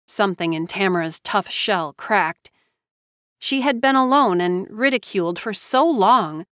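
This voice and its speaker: A woman narrating a novel as an audiobook in a measured storytelling manner. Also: mid-range voice, expressive, fairly bright tone, dry recording, clean studio sound.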